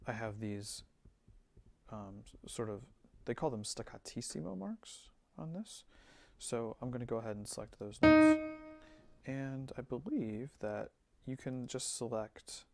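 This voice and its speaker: A man giving a relaxed screen-recorded music software tutorial, thinking aloud with fillers as he works. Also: mid-range voice, vocal fry. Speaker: music teacher.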